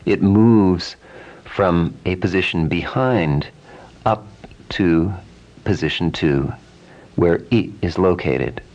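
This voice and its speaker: Slow, deep-voiced man drilling vowels. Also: highs cut off. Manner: calm, repeats vowel sounds many times in drills. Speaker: Sanskrit pronunciation teacher. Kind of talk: slow, deliberate pronunciation lesson.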